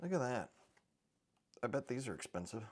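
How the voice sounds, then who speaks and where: Middle-aged man, mid-pitched, loose rambling vlog talk with dry offhand jokes. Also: big pitch swings, normal speed, darkish tone. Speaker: precious metals channel host. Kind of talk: casual chat to camera.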